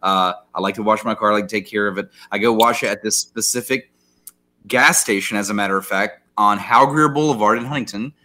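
A man's voice: fairly low pitch, brisk, bright, forceful tone. A young adult man co-hosting a podcast, telling a story in a heated, profane rant full of fillers. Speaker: podcast co-host. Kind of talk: casual storytelling chat.

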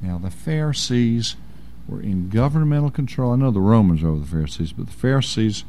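A man's voice: lowish voice, animated, brisk, warm tone, a little hiss or hum. A man preaching a sermon in a folksy, emphatic way.

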